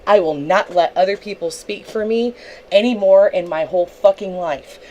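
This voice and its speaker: A young woman speaking at a moderate pace in a mid-range, slightly mellow voice angrily rants at another streamer on her livestream. She swears a lot and stays confrontational; the recording is rough, with some hiss or hum.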